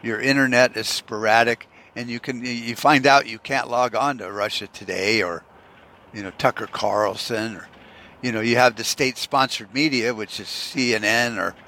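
A man hosting a podcast, ranting at length in a sarcastic, heavily profane way. His voice sits mid-range in pitch, and his talk wanders from point to point. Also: fairly even intonation, moderate pace, sharp tone, a little hiss or hum. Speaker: podcast host. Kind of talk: profane monologue rant.

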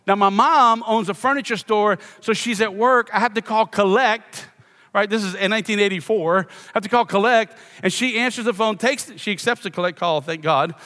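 High-voiced pastor in an echoing church. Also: male voice, normal speed, bright, forceful tone. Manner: self-deprecating storyteller, playful asides. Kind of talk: sermon with humorous personal story. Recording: long reverb of a church hall.

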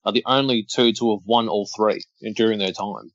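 A man's voice: fairly low pitch, steady tone, brisk, no echo. Chatty man on a dull, dry podcast recording. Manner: chatty, running play-by-play with laughs. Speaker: podcast co-host. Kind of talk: casual watch-along chat.

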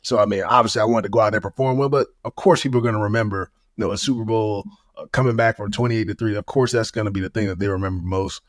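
A man in his thirties talks as the guest in a relaxed interview, humble and easygoing, leaning on "you know" as he goes. His words come quickly. The sound is dry and close, with no room around it. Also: on the low side, no echo. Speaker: guest, former pro running back. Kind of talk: casual interview chat.

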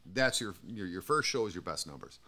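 A man's voice: sits low, animated, a little fast, pushed and bright. A man hosting a podcast and chatting casually, swearing freely and laughing often as he tells stories. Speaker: podcast host and radio DJ. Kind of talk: casual chat.

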